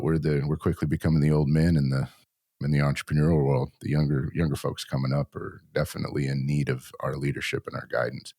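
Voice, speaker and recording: A male podcast host chats with his guest, relaxed and quick to laugh. His voice is extremely deep with a gravelly fry, recorded dry and close. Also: no echo. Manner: laughs easily, relaxed questioner. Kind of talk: casual interview chat.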